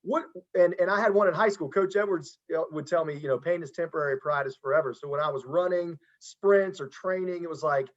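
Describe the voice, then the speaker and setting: A man's voice: high voice, brisk, few pauses, dull audio. A man hosting a casual podcast interview as a football coach, earnest and encouraging, often restarting his sentences.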